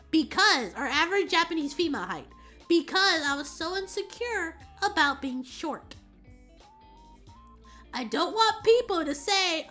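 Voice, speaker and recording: A woman streamer chatting casually and telling a story in an animated, rambling way. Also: very high voice. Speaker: VTuber streamer.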